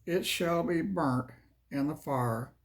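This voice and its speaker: A man reading scripture slowly and measuredly, then chatting casually as host. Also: on the high side. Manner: slow, measured delivery. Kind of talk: Bible reading and casual chat.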